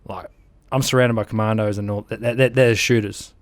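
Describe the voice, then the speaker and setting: A man's voice: lowish voice, a little fast, no room sound. A man with an Australian accent, an army veteran in his thirties telling war stories in an interview, acting out sounds and quotes. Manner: animated, acts out sounds and quotes, laughs through the telling. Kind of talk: interview storytelling.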